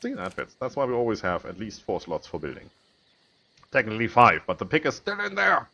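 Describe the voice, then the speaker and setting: A man's voice: fairly low pitch, wildly swooping pitch, brisk, creaky, bright, forceful tone, muffled recording. Rambling self-mocking man. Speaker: gaming video host. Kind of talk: casual let's-play commentary.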